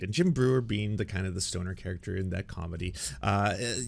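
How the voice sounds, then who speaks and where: A man's voice: medium pitch, creaky. A man giving casual, rambling live-stream commentary, talking loosely and swearing often. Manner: animated, rambling, frequent swearing. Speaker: streamer reacting to a video.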